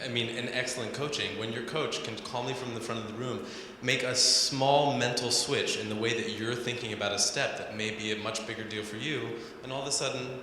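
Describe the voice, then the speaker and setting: A male moderator explains what the audience just watched, thoughtful and measured. His voice sounds bright. It rings through a large, reverberant hall with light background noise. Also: medium pitch. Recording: echoey hall, faint noise.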